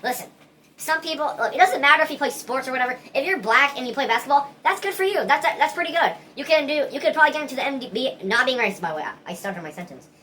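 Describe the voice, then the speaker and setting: A woman's voice: high voice, expressive, fast talker, pushed and bright, slight background noise. A woman talking straight to camera in a casual opinion vlog, earnest and rambling, restarting her sentences often. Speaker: vlogger.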